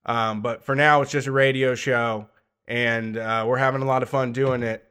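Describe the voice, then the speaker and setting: A man co-hosting a comedy podcast, making dry jokes and quick asides. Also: medium pitch, steady tone, bright, forceful tone, clean tone. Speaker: podcast co-host. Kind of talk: casual comedic chat.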